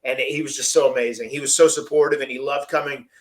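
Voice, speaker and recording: Podcast host, man, rambling casual storyteller, mid pitch. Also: steady tone, quick pace. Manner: chatty, rambling, laughs often.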